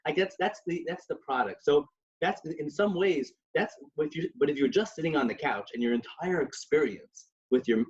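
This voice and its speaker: A man's voice: medium pitch, a little mellow. A man co-hosting a podcast, telling stories in a casual religious discussion with many restarts and Yiddish terms. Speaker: podcast co-host. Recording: dull lo-fi recording.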